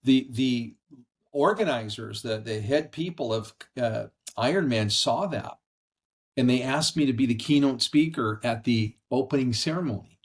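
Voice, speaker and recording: A middle-aged man, a podcast guest, telling a personal story in an earnest, animated conversational way, speaking from a house. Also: medium pitch, moderate pace. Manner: earnest, animated storyteller acting out quoted voices. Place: brother-in-law's house.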